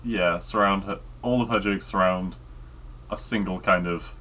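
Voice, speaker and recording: Bright, low-pitched man in hesitant chat. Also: steady tone, measured pace, slight background noise. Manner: hesitant, many fillers. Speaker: podcast co-host. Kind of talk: casual chat.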